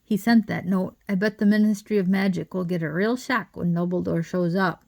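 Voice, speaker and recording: A woman reading as a determined young schoolboy who speaks urgently and forcefully. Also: on the low side, fairly even intonation, normal speed, vocal fry.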